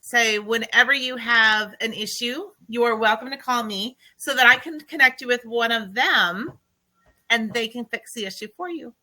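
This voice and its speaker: A woman's voice: fairly high pitch, moderate pace, pushed and bright, low-quality recording. Bubbly woman with a Southern accent. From US Midwest. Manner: bubbly, sunny. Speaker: client relations manager. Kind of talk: casual self-introduction. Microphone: video call.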